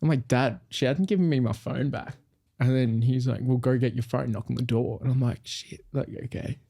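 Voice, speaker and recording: A man's voice: mid-range voice, fairly quick, creaky, warm tone, breathy edge. A young man, a podcast co-host telling a story casually and animatedly, acting out quoted voices.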